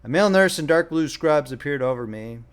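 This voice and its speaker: A man's voice: on the high side, lively intonation, a little fast, clean tone. A young man reading his own audiobook as author and narrator, with a wry, self-deprecating manner. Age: young adult.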